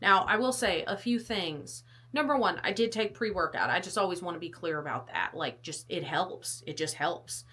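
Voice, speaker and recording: A woman's voice: fairly low pitch, normal speed, few pauses, sharp tone. Breathless chatty woman vlogging. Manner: chatty, rambling, self-deprecating. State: out of breath, coughing. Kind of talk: casual fitness vlog.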